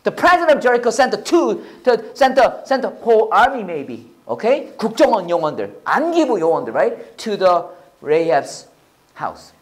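A pastor with a Korean accent preaching a sermon, animated and often checking with the audience. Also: male voice, high-pitched, quick pace. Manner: animated, repeats and restarts, asks the audience "right?".

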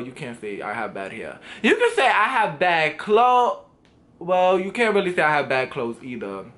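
Young man, New York accent, assertive and sassy vlogger, highish voice with big swings. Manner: assertive, sassy, animated delivery. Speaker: YouTuber. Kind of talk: reading hate comments to camera.

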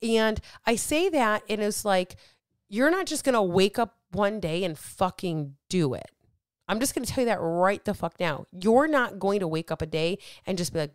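A woman's voice: medium pitch, expressive, moderate pace, clean tone, dry recording, clean studio sound. A woman coach hosting her podcast, talking bluntly and emphatically to her listeners and swearing freely as she motivates them. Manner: motivational, addresses listeners directly. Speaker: weight loss coach and podcast host. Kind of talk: casual podcast monologue.

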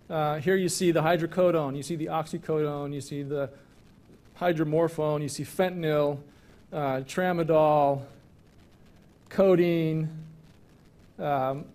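A man's voice: on the high side, a little mellow. Man giving a medical lecture. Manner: conversational, walks through slides with asides. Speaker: physician lecturer. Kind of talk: medical grand rounds lecture.

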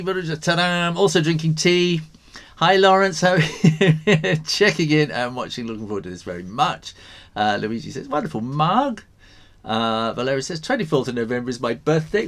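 A man's voice: lowish voice, creaky. An English man hosting a live drawing stream, chatting casually, reading out viewer comments and laughing often. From England.

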